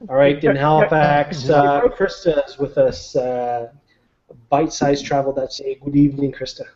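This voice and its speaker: A man's voice: medium pitch, fairly even intonation, moderate pace, a little mellow. A man hosting a casual live online chat show from home, laid-back and jokey. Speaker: host. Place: home in Nova Scotia. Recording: lo-fi online call audio.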